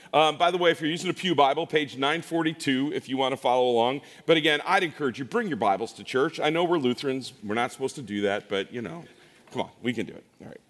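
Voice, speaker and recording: Middle-aged male pastor, slightly high voice, relaxed humorous sermon delivery, echoing church sanctuary. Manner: casual, joking, animated preaching with frequent restarts. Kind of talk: conversational sermon. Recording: long church reverb.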